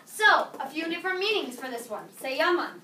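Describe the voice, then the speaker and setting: A woman teaching a high school Spanish class, playful and lively, quizzing her students. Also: a little fast, a crowd in the background. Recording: echoey classroom from a distance.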